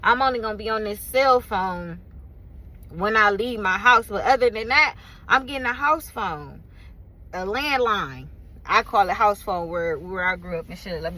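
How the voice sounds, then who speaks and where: Weary woman ranting, bright tense voice. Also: a little high, low-quality recording. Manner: weary, frustrated, swears freely, rambling with many fillers. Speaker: vlogger and small business owner. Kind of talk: casual venting rant to camera.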